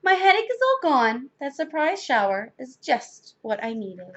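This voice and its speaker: A woman's voice: high voice, big pitch swings, measured pace, fairly bright tone, highs cut off, exaggerated voice. Woman reading as an emphatic grown lady guest. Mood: warm.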